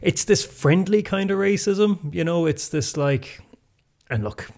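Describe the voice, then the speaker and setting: A man's voice: sits high, measured pace, vocal fry, a little mellow. An Irish man co-hosting a podcast, speaking frankly and wryly in casual conversation, with the odd swear word. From Ireland. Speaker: podcast co-host.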